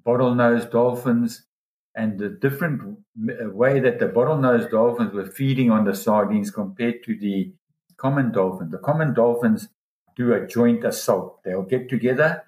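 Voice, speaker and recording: A man with a fairly low voice tells a long diving story in a relaxed interview. He gets animated and jumps up in pitch when he quotes other people. The room has a noticeable echo. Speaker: dive guide telling a story. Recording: roomy echo.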